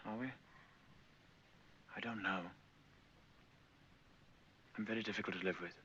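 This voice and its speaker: An actor playing a brooding, weary aristocratic husband who speaks in a clipped, curt way, in 1940s film acting. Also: male voice, fairly low pitch, fairly even intonation, a little slow, pushed and bright, a little hiss or hum. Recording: muffled old film soundtrack.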